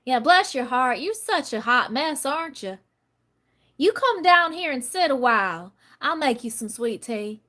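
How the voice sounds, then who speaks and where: A woman's voice: high voice, big pitch swings, unhurried, sharp tone, full character voice. A woman voicing a sweet but sassy Southern lady with a Southern US accent and a syrupy, teasing drawl. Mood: sugary teasing.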